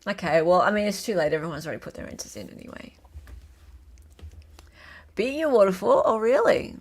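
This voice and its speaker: A woman's voice: mid-range voice, sing-song, brisk. An Australian woman hosting a casual live-stream trivia quiz, playful and chatty as she reads out multiple-choice answers.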